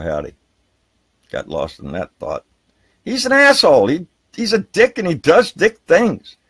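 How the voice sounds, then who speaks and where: A man hosts a live political talk stream outdoors by a river. His voice sits mid-range and sounds dry and close. He rants heatedly with plenty of profanity, then jumps up bright to greet viewers by name. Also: mid-range voice, no echo. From Texas. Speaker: political talk show host. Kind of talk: live political rant and viewer shout-outs.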